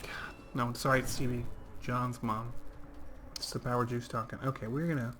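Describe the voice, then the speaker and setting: A man's voice: mid-range voice, flat delivery, normal speed, fairly bright tone, slight background noise. Man, 30s, livestream gamer; rambly, conversational play-by-play. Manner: rambling and chatty, reading out chat. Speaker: game streamer. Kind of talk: casual livestream gameplay commentary.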